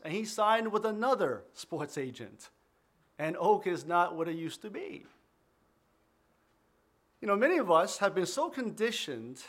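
A man's voice: high voice, a bit bright. A man preaching a sermon and leading prayer, fervent, often repeating words and restarting phrases. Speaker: pastor. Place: church in New York City.

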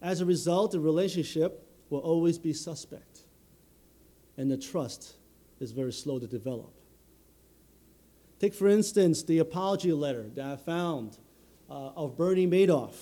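Earnest high-voiced male preacher. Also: expressive, dark tone. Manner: earnest, measured, with many "you know" fillers. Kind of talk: sermon.

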